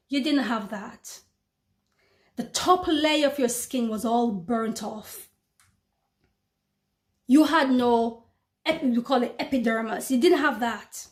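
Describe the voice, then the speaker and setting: A woman giving a spoken religious testimony in an earnest, repetitive way, calling her listeners brothers and sisters. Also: fairly high pitch.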